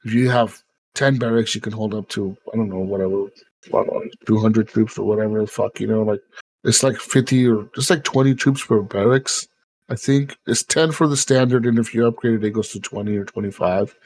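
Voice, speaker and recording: A man's voice: lowish voice, brisk, a little mellow. Rambling, swearing male podcast host. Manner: rambling, swears, many fillers. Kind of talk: casual chat.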